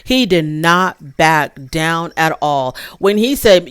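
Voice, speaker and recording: A woman's voice: sits low, animated, slow pace, clear, resonant tone, no echo, studio quality. A woman hosting a casual recap show, talking in a candid, opinionated and sassy way with frequent asides. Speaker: reality show recap host.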